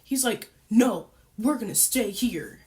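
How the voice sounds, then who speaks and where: A young woman vlogger talks straight to her viewers in a casual storytime. Her voice sits a little high, and she rambles along with plenty of fillers as she retells what happened. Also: takes it slowly. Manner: chatty, animated retelling with many fillers. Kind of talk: casual storytime while eating.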